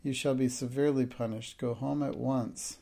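A man's voice: medium pitch, flat delivery, moderate pace, vocal fry, dark tone, close to an everyday voice. A man voicing a stern, rigidly polite woman headmistress who speaks coldly and formally. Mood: commanding. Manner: cold, formal and indignant.

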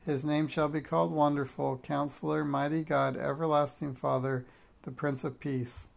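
A man's voice: a little high, flat delivery, moderate pace, vocal fry. Smug know-it-all girl, read by a man. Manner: smug, prissy. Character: prim know-it-all schoolgirl.

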